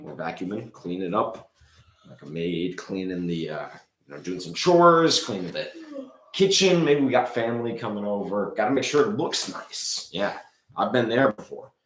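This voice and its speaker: A man's voice: lowish voice, lively intonation, a little slow, echoey room, a little hiss or hum, low-quality recording. A man voicing Rockin' Ricky, a brash male rock keyboardist showman, boastful and hyped, in improv comedy. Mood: chatty. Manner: boastful, hyped, sound-effect heavy.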